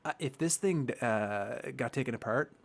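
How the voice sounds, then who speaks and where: A man's voice: mid-range voice, lively intonation, moderate pace. A man hosting a podcast, talking loosely and joking with his guest over a video call, with many restarts. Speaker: podcast host.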